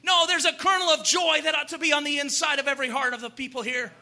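A young man preaching a sermon, fervent and at times shouting, then easing into joking asides. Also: extremely high pitch, fairly even intonation, fast talker.

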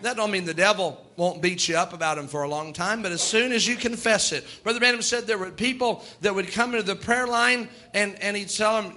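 A man's voice: sits high, brisk, hardly any pauses, sharp tone. A male preacher, delivering a folksy sermon and voicing God and sinners in quoted asides.

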